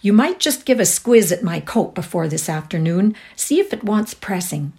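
Woman playing a brisk brotherly young man, jaunty, storybook reading. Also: lowish voice, very animated. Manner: quick, jaunty.

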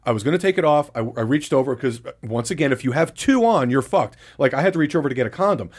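A man at an ordinary, mid-range pitch co-hosts a podcast. He recounts a story in candid, blow-by-blow detail and swears freely. He keeps to the loose, chatty rhythm of casual conversation. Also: expressive, quick pace, breathy edge. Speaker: podcast co-host.

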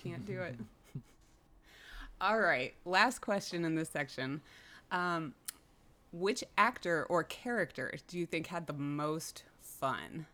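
A woman hosting a podcast in an easygoing, chatty way. Her voice sits a little low, and she giggles often between her thoughts. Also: expressive, slow, pauses often, fairly bright tone. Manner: giggly, frequent laughs and fillers. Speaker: podcast host. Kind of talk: casual podcast chat.

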